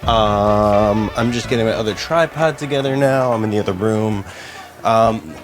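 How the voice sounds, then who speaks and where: Working through the setup of lights and cameras in a small apartment studio, a young man talks a little slowly in a voice on the low side. The podcast co-host is making a casual behind-the-scenes vlog, muttering chatty, self-deprecating comments to himself.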